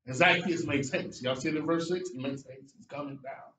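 Dynamic male preacher in an echoey church. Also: a little fast. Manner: dynamic preaching, shouting and dropping low for emphasis. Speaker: guest preacher. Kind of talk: sermon. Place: church sanctuary. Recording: echoey church room from far off.

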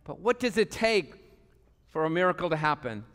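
A man preaching a passionate sermon as pastor of a church, swinging between loud calls and quiet asides. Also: a little high, sing-song, moderate pace. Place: church sanctuary. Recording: long hall reverb.

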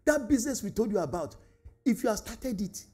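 Nigerian male pastor, high, lively sermon voice. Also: fairly quick, breathy edge. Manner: animated, switching between shouting and hushed prayer; laughing asides, Yoruba interjections. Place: church hall.

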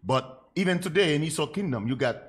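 A deacon holds forth on a panel, his voice a touch higher than most men's. He tells stories with lively energy and drops into mocking imitations of others. The tone stays conversational and preachy at once. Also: brisk, slight background noise. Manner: animated storytelling, mock-quotes people. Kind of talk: casual panel talk, preaching.

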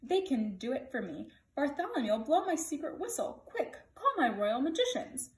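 A woman voicing a grumpy old male king who shouts his demands in a raised, high voice. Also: animated, moderate pace, natural voice. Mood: commanding. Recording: echoey room.

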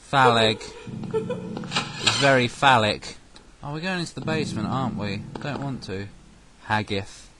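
A man giving goofy, excitable let's-play commentary with sudden loud outbursts. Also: mid-range voice, unhurried, long pauses, noisy background. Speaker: gameplay commentator. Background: game music.

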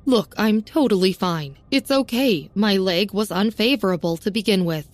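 A woman's voice: medium pitch, moderate pace, no echo, close to an everyday voice. A woman voicing a proud injured young woman who reassures others with forced cheer. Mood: reassuring.

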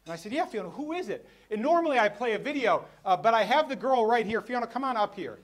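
A middle-aged man giving a personal storytelling speech at a luncheon, dropping quiet for the sad parts. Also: extremely high pitch, expressive, fast. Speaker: keynote speaker at a luncheon. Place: banquet hall.

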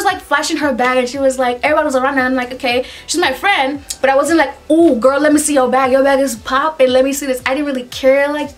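A young woman from Nigeria telling a personal story in a casual vlog, chatty and animated, jumping between asides. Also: high voice.

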